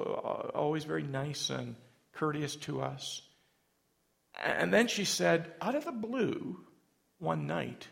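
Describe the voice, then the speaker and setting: Gravelly man preaching a sermon. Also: medium pitch. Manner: gravelly, earnest storytelling with emotional swells. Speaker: pastor.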